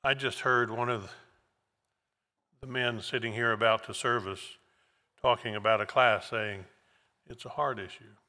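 A man preaching a sermon verse by verse, slow and emphatic, repeating key words for weight. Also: medium pitch, steady tone, pushed and bright. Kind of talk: expository sermon. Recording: long hall reverb.

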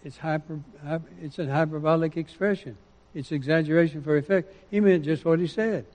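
A man preaching a sermon, quoting scripture with rising emphasis and dropping into quiet asides. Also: fairly high pitch, fairly quick, big-room sound.

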